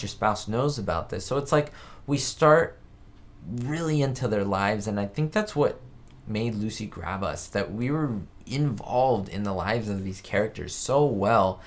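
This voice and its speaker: A man hosting a casual live-stream chat, talking in a rambling, chatty way and reading viewer comments aloud. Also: mid-range voice. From United States. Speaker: host of a live chat show. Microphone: webcam setup.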